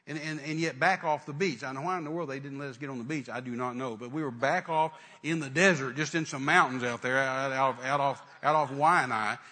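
A man's voice: medium pitch, fairly quick, hardly any pauses, sharp tone. A middle-aged male preacher telling a story in a sermon, fervent and full of restarts and trailing "and, uh" fillers.

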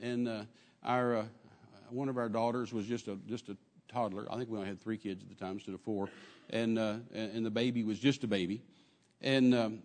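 A man preaching a sermon in an animated way, acting out quotes and dropping at times to a soft murmur. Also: fairly low pitch, a little fast, in a large hall. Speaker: pastor.

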